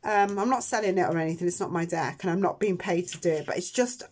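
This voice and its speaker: A woman giving a chatty, emotional tarot reading, soft-spoken with many ums, tearing up at times. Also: on the low side, fast, husky. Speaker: tarot reader. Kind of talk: pick-a-card tarot reading.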